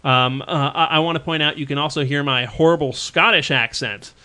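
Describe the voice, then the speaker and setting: Co-hosting a casual podcast about tabletop games, this man rambles with lots of fillers and restarts. His voice is a little high and fairly quick, sharp in tone, clear and resonant.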